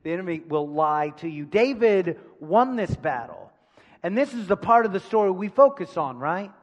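A man's voice: high-pitched, big pitch swings, normal speed, long reverb tail. A male pastor preaching a sermon in a church, emphatic, repeating phrases and putting questions to the congregation. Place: church sanctuary.

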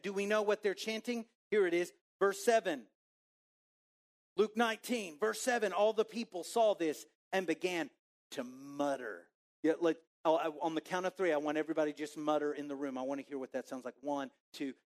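A man preaching a sermon in a church, animated and joking, acting out a muttering crowd. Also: high voice. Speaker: pastor.

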